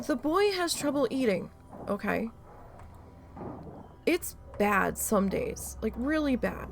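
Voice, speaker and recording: A woman's voice: on the high side, lively intonation, slow pace, pauses often, faint music behind. A woman streamer chatting casually while she plays, telling an exasperated story with a lot of swearing. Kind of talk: casual chat during a live gameplay stream.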